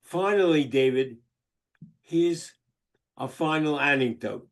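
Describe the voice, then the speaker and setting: Older male psychologist, high voice, slow unhurried telling, dry joking storyteller on a video call. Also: expressive. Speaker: psychologist and book author. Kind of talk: webinar talk with anecdotes.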